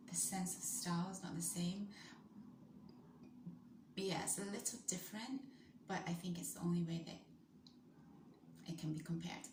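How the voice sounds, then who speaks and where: Casual woman vlogger, lowish voice, chatty asides, echoey room. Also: slight background noise. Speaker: vlogger reacting to clips. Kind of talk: casual chat.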